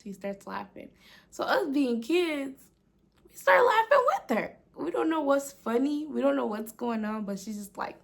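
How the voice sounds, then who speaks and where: A woman's voice: high-pitched, big pitch swings, moderate pace, creaky, a little hiss or hum. A woman vlogger telling a storytime tale in a casual way, dropping "like" often and half-whispering at times. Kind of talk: storytime vlog.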